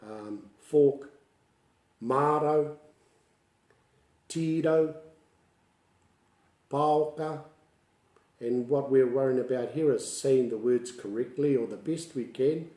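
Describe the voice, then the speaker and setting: Mellow New Zealand man teaching te reo. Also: mid-range voice, slow pace, pauses often, reverberant. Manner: chatty, laughs often, mixes in Māori words. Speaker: Māori language tutor. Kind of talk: casual livestream lesson with storytelling.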